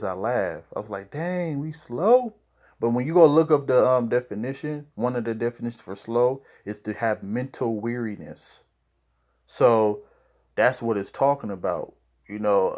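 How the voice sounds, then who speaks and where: A man's voice: fairly low pitch, darkish tone. Man teaching scripture in a loose, casual way. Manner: loose and conversational, with mild swearing and many fillers; reads scripture verses aloud, then explains them in plain talk. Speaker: Bible teacher.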